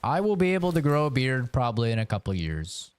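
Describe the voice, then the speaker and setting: A man's voice: mid-range voice, sing-song, fast talker, clean tone, no echo. A Canadian man in his twenties streaming a game, chatting casually and rambling as he answers his viewers. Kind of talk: casual live-stream chat.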